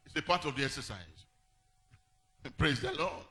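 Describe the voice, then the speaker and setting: A man preaching a sermon as pastor, singing some phrases and shouting others, then dropping low to tell stories. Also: unhurried.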